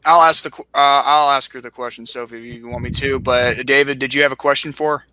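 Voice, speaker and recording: A man co-hosting a casual podcast, excitable and jokey, often stammering. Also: mid-range voice, fast talker, clean tone, rough recording. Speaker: podcast co-host.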